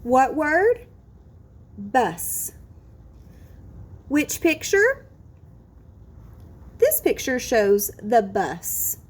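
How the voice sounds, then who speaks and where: A woman teaching a kindergarten phonics lesson, sounding out words slowly and with exaggerated care. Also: sits high, big pitch swings, breathy edge. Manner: drawn-out, exaggerated sounding out of words, sing-song encouragement. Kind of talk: slow, careful phonics lesson for young children.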